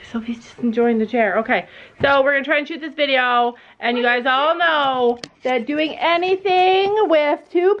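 A middle-aged woman chatting casually to camera in a family vlog, thinking out loud and turning bossy when she sets rules. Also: sits high. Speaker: family vlogger. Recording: dull lo-fi camera audio with faint noise.

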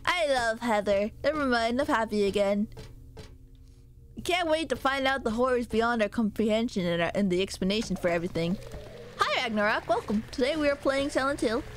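While playing a horror game, a woman from the United States chats casually with her viewers, cracking jokes and swearing without restraint. Her streaming voice is a little high, expressive and fairly quick.

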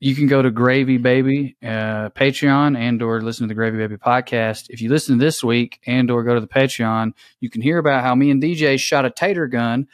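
A man's voice: mid-range voice, steady tone, brisk, hardly any pauses, dry recording. A man, a comedian co-hosting a podcast who drops dry, sardonic quips in casual chat.

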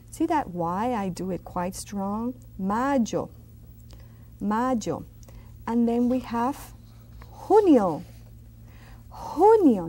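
Woman teacher, middle-aged; slow, patient, mellow delivery, repeats words for learners. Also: on the high side. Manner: slow, drawn-out repetition of words for students. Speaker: Spanish teacher. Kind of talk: classroom language lesson.

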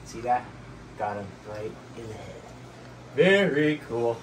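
A man's voice: mid-range voice, slow pace, crowd noise. A man talking casually to the camera about feeding his reptiles and tattooing, chatting to his animals. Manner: energetic, talks to his animals. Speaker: tattoo artist and reptile keeper. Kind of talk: casual vlog narration.

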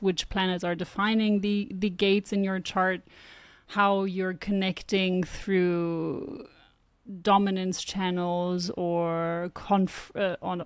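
Woman, podcast co-host, thoughtful, explanatory, easy laughter, mid pitch, dry sound. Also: no room sound. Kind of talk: casual podcast chat.

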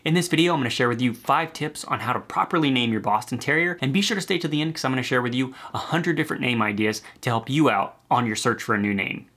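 A man's voice: mid-range voice, fast talker, few pauses, a bit bright. A man in his thirties hosting a casual advice video to camera, chatty and upbeat with loose asides. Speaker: channel host and dog breed site founder.

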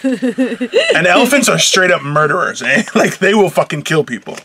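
A man co-hosting a casual chat show, telling animated stories, acting out other people's voices and laughing. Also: high voice, moderate pace, crowd noise. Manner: animated storyteller, acts out quoted voices, swears, laughs. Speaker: podcast co-host.

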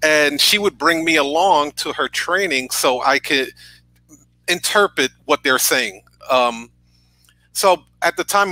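Bright-voiced man telling a personal story. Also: mid-range voice, no echo, rough recording. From New York. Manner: earnest, says "right?" often. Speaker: podcast guest. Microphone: video call.

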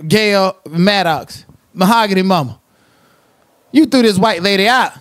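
High-voiced man ranting profanely. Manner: profane, confrontational, trash-talking; drifts into sing-song asides. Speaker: commentary channel host. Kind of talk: livestream commentary rant.

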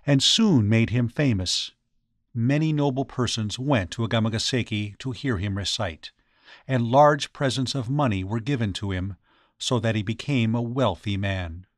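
Man reading a story out loud, calm steady pace, dry sound. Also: medium pitch, no room sound. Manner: even, measured storytelling. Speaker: audiobook reader. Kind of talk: scripted narration.

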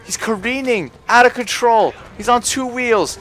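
Bright-voiced, cursing gamer man. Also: extremely high pitch, unhurried. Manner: frustrated, swears a lot, loud outbursts. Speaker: gaming livestreamer. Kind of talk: live gameplay commentary.

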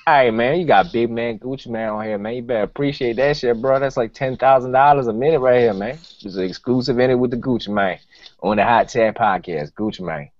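A man's voice: mid-range voice, a little fast, no echo, close to an everyday voice. A man putting on a brash, boastful Southern rapper who ends almost every line with "man." He keeps it slangy and drawling. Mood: trash-talking. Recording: dull lo-fi podcast audio.

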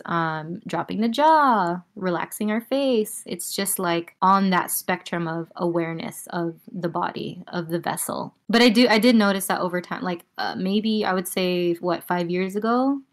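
A woman guiding listeners through a breathing and voice exercise on a video call, talking casually and calmly with many filler words. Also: medium pitch. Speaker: breathwork and voice teacher. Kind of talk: guided breathing lesson on a group call. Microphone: video call with noise cancelling.

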